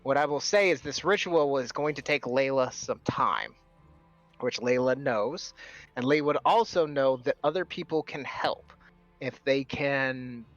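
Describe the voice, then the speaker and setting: A man narrates a tabletop game as its game master, slowing down to paint each scene. His voice sits at an average pitch. The sound is dull and lo-fi, with faint music in the background. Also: no room sound. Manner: slow, descriptive narration with drawn-out words.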